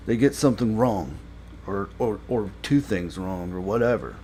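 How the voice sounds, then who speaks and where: A man's voice: fairly low pitch, animated, normal speed, few pauses, mellow, slightly rough. A man giving a casual spoken review of a TV episode. He rambles with many fillers and grows exasperated when he complains.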